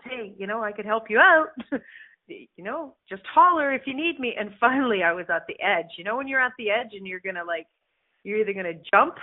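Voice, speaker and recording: A woman hosting a motivational radio show as a life coach, blunt and animated, swearing and laughing as she talks. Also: medium pitch. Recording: phone-like narrow band audio.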